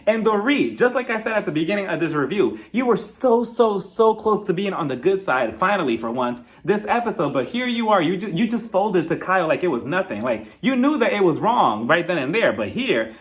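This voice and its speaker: A man giving a gossipy recap of a reality TV episode, sassy and snarky and quick to laugh. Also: high voice, very animated. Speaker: TV recap reviewer.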